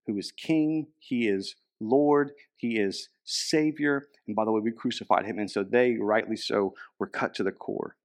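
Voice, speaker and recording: A young man preaching a sermon as a pastor, casual and conversational, with frequent fillers. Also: a little high.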